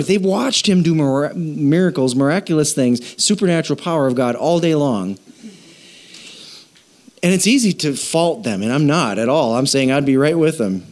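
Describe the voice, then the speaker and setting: Preacher, male, animated and conversational, pitch leaping up and down, quizzes his church. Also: normal speed. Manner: animated, jokey, asks the congregation questions. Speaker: pastor. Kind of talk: sermon.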